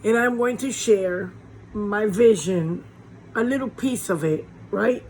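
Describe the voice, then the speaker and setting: Slow-preaching woman pastor. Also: medium pitch, darkish tone, a little hiss or hum, low-quality recording. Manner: conversational preaching with rhetorical questions. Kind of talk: informal sermon. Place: small warm room with a fan.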